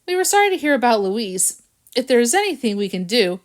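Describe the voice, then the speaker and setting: A woman's voice: a little high, sing-song, brisk, pitched above the performer's own voice. A woman voicing a clever, smug male cat detective who speaks in a dry, knowing way in a storybook. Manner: dry, knowing, smart-mouthed.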